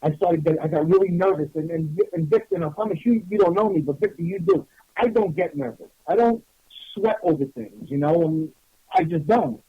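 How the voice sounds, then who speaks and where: Casting: husky, slightly high man telling a rambling story on a lo-fi radio show. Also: brisk, no echo. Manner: animated, rambling, many restarts. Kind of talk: casual storytelling. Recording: dull lo-fi radio audio.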